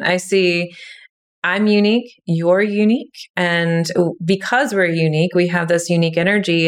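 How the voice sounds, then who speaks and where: A woman hosting a podcast who speaks reflectively about spirituality and asks her guest open questions. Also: lowish voice. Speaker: podcast host. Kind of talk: casual podcast conversation.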